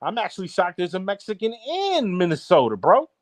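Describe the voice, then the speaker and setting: A man from the East Coast, co-hosting a podcast, trash-talking in loud, mocking banter and tacking "bro" onto line after line. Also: high voice, wildly swooping pitch, a little fast, a crowd in the background. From Baltimore area, East Coast US. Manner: brash, mocking, repeats himself with "bro". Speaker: podcast co-host. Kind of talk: casual trash-talk banter.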